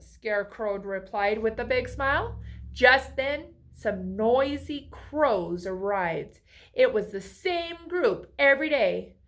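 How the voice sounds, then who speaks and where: A woman's voice: medium pitch, a little slow. A woman reading a children's picture book aloud, asking the listener friendly questions along the way. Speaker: storybook reader.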